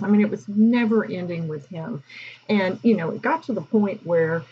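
A woman's voice: mid-range voice, normal speed, highs cut off, slight background noise. A woman teacher, telling stories casually on a podcast, with lots of fillers and an easy, chatty manner. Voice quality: husky, breathy. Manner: chatty, with frequent fillers and laughs.

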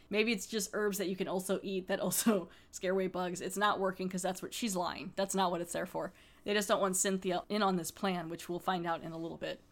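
A woman's voice: mid-range voice, fairly bright tone. A woman hosting a podcast, recapping a horror episode in a rambling, chatty way and laughing often. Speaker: podcast host.

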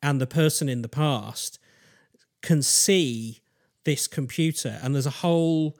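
A man, hosting a casual podcast chat and telling a strange story in a halting way, full of fillers and restarts. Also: fairly high pitch. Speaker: podcast host.

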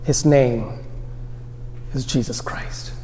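A man with an Indian American accent preaching an Easter sermon in a church, slow and deliberate, letting his phrases trail off softly. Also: mid-range voice, steady tone, a little hiss or hum. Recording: long reverb of a large hall.

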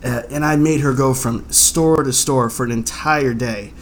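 Male podcast host, casual chat, lively storyteller, mid pitch, light background hiss. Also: normal speed. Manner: animated storyteller, restarts often.

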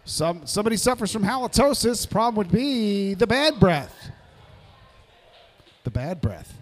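A man's voice: sits high, sing-song, measured pace. A man hosting a live pub trivia night, reading out answers with jokey asides.

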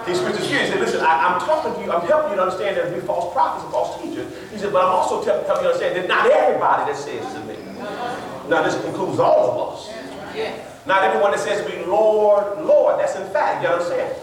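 A pastor giving an animated sermon, laughing and acting out quotes with emphasis. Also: male voice, high voice, fast talker, a crowd in the background. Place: church hall. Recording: roomy church sound from a distance with congregation. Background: congregation responding.

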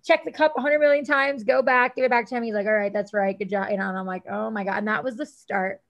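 A woman in her thirties, a guest on an interview show, telling stories in a lively casual way and acting out what people said. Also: medium pitch, fast, creaky, dull audio. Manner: animated, acts out quotes, says "like" often. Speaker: guest, celebrity stylist.

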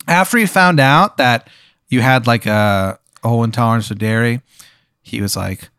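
A man casually improvising a long, absurd story, rambling and deadpan with lots of restarts. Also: mid-range voice, moderate pace, clean tone, no echo, studio quality. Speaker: podcast host spinning an improvised story.

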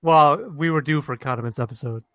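A man co-hosting a podcast in casual chat, joking with quick comebacks. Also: fairly high pitch, fairly bright tone, no room sound, studio quality. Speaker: podcast co-host.

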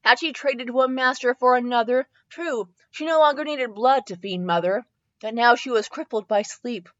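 A woman's voice: on the high side, normal speed, a bit bright, dull audio. A woman host reading fan fiction aloud in a comedic dramatic style, tripping over typos and correcting herself with asides.

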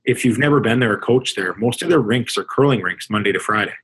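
A man from Canada speaks as a hockey coach being interviewed. His voice is husky, and he talks in a loose, reflective way, often restarting his sentences. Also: on the low side, quick pace, a bit bright, rough recording. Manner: conversational, reflective, with frequent restarts. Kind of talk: casual podcast interview.

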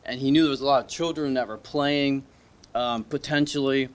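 A man delivers a sermon to a church congregation in an easy, conversational manner. He hesitates often, restarts his sentences and asks his listeners questions. His voice sits in a middle pitch. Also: steady tone, moderate pace. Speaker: preacher. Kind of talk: informal sermon with story. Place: church service.

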